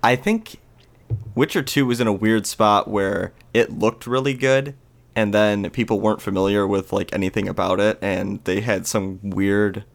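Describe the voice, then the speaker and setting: A man's voice: lowish voice, moderate pace, gravelly. A man co-hosting a podcast, chatting in an easygoing way, hedging with "I mean" and "like". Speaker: podcast co-host. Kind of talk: casual chat.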